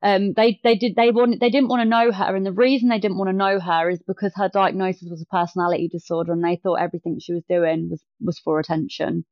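A woman's voice: medium pitch, quick pace, hardly any pauses, no room sound. A woman, a podcast guest telling a story in casual chat and acting out the quotes. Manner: animated retelling with acted-out quotes. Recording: dull lo-fi dry sound.

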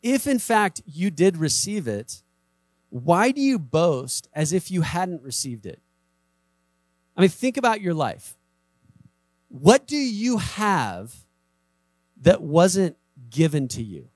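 A man's voice: high voice, sing-song, takes it slowly, pauses often, darkish tone, no room sound. Guy pastor giving a sermon, chatty, plays out little quotes, dry sound. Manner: conversational, acts out quoted voices, emphatic repetition.

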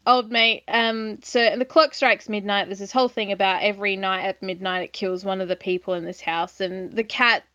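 A woman with a bright, slightly high voice, chatting loosely through a film's plot with plenty of fillers. The recording is dry and a little dull, as if the mic were lo-fi. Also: brisk, few pauses, dry recording. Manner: relaxed, chatty, retells plots with filler words. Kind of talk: casual film review chat.

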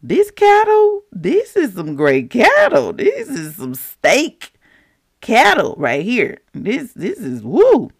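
A podcaster putting on the voice of a boastful king who excitedly brags and justifies himself. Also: mid-range voice, normal speed, gravelly, few pauses, no room sound, studio quality.

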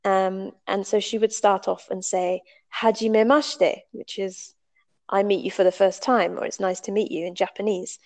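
A woman tells a story in a relaxed, chatty way, explaining each step as she goes. Her mid-range voice has a gravelly, creaky edge that shows most at the ends of her phrases. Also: mid-range voice, normal speed. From United Kingdom. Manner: conversational, explains step by step with frequent ums. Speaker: storyteller recalling a language class. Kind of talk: casual spoken storytelling.

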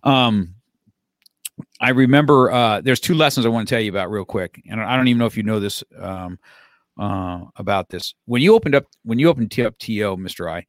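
Speaking a little fast in a lowish voice, a man in his fifties who teaches martial arts tells stories casually. He rambles, restarts, repeats his words and chuckles a lot. The recording is dry and clean, studio-grade.

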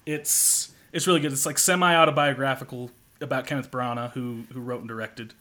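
A man's voice: mid-range voice, steady tone, a little fast, sharp tone. A man hosting a casual film podcast, easygoing and agreeable as he chats with his guest. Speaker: podcast host.

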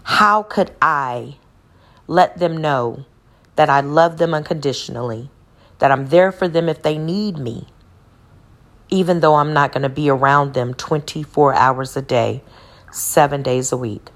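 A woman's voice: low voice, unhurried. A woman from Texas telling a personal faith testimony in an earnest storytelling way, retracing details aloud as she goes. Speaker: speaker sharing a testimony.

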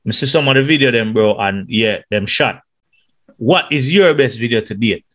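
A man's voice: mid-range voice, expressive, moderate pace, a bit bright. Easygoing Jamaican male podcast host. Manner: easygoing, calling guest bro and man. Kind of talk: casual interview chat.

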